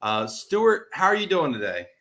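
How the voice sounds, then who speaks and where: A man hosting a live interview webcast, with an energetic, teasing, jokey way of talking. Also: fairly high pitch, moderate pace. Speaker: host.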